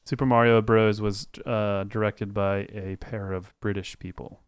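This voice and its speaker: A laid-back male podcast co-host with a smooth, clean voice speaks in dry, matter-of-fact talk. The sound is close and dry. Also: lowish voice, level tone, unhurried, dry recording. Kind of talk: casual chat.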